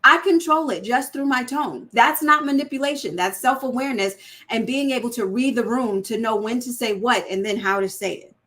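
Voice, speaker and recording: A woman's voice: on the high side, normal speed, a bit bright. A woman hosting a candid, faith-based talk on marriage, speaking earnestly and conversationally and acting out example phrasings in shifting tones. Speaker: host of a faith-based women's channel.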